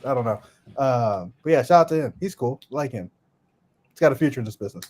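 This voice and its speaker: A man's voice: medium pitch, animated, quick pace, a little mellow, breathy edge. A man hosting a podcast in casual chat, laid-back and profane, laughing often. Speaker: podcast host.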